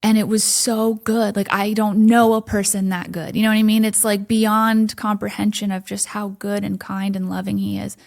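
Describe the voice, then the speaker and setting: Woman, podcast guest, personal testimony, animated storytelling, whispered asides, casual fillers. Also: mid-range voice, moderate pace, vocal fry, few pauses. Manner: animated storytelling, drops to whispers when quoting herself; frequent "like" fillers, laughs often.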